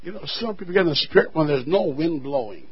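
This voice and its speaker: A man preaching a sermon to his church, swelling to loud shouts and dropping to quiet asides. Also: on the high side, sing-song, fast, husky, lo-fi sound. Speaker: pastor.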